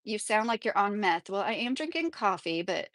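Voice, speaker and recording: A woman's voice: medium pitch, sing-song, moderate pace, a bit bright, dry recording, clean studio sound. A woman in her thirties from Kentucky, talking at home in a rambling, opinionated livestream chat and reading viewer comments aloud. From Kentucky, USA. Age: 30s. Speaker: vlogger.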